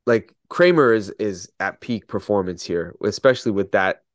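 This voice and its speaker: Easygoing, low-voiced man asking questions. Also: lively intonation, moderate pace, no room sound, clean studio sound. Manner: easygoing, asks probing questions, laughs often. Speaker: podcast co-host. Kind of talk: casual chat.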